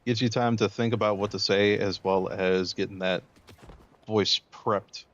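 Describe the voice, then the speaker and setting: A man's voice: lowish voice, steady tone, measured pace, a bit bright, lo-fi sound. A man hosting a livestream, chatting casually, often hesitant and chuckling as he talks. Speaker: livestream host. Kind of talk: casual stream chat.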